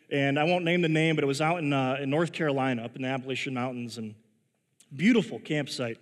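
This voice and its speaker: A man preaching a sermon in a casual, storytelling way, full of halting restarts and chuckles at his own story. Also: mid-range voice. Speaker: pastor. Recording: long reverb of a large hall.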